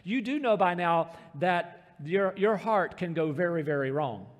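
A man preaching a sermon, emphatic and slowing down to stress scripture. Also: high voice, lively intonation. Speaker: pastor. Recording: reverberant hall.

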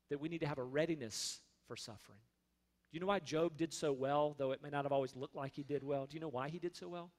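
Earnest high-voiced male preacher. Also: long reverb tail. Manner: earnest, conversational preaching with restarts and quoted prayers. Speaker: pastor. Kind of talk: sermon.

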